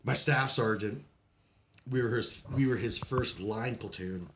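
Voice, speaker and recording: A man's voice: medium pitch, measured pace, a bit bright. A man telling his military stories as a podcast guest, in casual storytelling style, swearing freely and laughing often between lines. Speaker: podcast guest, Marine veteran.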